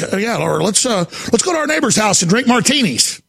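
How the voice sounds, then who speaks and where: Man, frantic radio host monologue, raspy husky voice, shouts often. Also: high voice, big pitch swings, quick pace. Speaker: radio talk show host. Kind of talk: impassioned on-air monologue.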